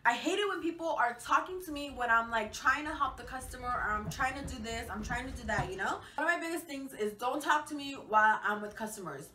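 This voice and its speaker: A woman's voice: a little high, expressive, a little fast, few pauses, bright, forceful tone. A young woman telling a casual storytime vlog, chatty, swearing freely and full of fillers. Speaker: vlogger. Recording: echoey room, mic at a distance, faint hiss.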